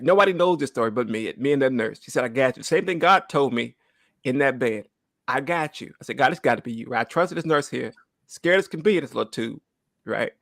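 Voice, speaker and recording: Fighting back tears, a man in his thirties shares his testimony at church in a medium-pitched, slightly bright voice with no echo. He speaks earnestly, repeats himself, and often adds "right?"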